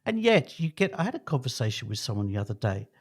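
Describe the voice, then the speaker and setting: A man's voice: mid-range voice, big pitch swings, fast, slightly rough. A man in his fifties co-hosting a podcast, chatting casually in a rambling, jokey way that keeps interrupting itself. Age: 50s. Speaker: podcast co-host. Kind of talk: casual chat.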